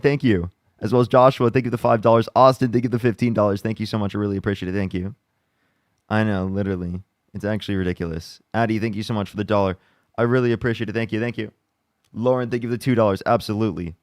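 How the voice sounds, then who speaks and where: A man's voice: lowish voice, steady tone, racing, no echo, clean studio sound. A young man hosting a livestream debate. He presses guests for answers with exasperation and rattles off thank-yous to donors. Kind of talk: heated live debate and donation shout-outs.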